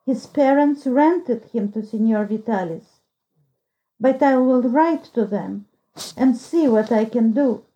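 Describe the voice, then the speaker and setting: A woman voicing a kindly, sad noblewoman who speaks softly. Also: fairly high pitch, takes it slowly, dull audio. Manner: soft, sorrowful.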